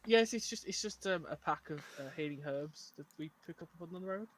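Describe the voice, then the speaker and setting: A man's voice: fairly high pitch, expressive, brisk, noisy background, lightly acted. A man playing a hesitant ranger. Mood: earnest. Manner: hesitant, many fillers. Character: male ranger, earnest and hesitant. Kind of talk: tabletop role-play voice.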